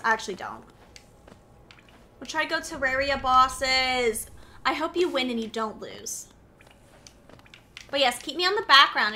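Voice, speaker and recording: Bright, lively high-voiced woman streamer. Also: a little slow, long pauses, faint music behind. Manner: playful, silly, talks to chat. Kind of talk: casual gaming stream chat.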